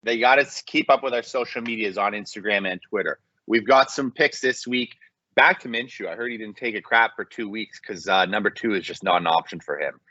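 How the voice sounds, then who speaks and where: A man's voice: lowish voice, a little fast, bright, forceful tone, no echo. A man co-hosting a casual sports betting podcast, chatty and self-deprecating. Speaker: podcast co-host. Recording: muffled lo-fi podcast mic.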